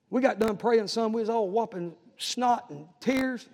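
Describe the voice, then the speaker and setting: A preacher with a high, gravelly voice tells a story and then calls his flock forward with mounting urgency. His words ring out through a church hall with a long reverb. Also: unhurried, few pauses, darkish tone. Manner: storytelling and exhorting, building to urgent appeals. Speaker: pastor. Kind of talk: sermon.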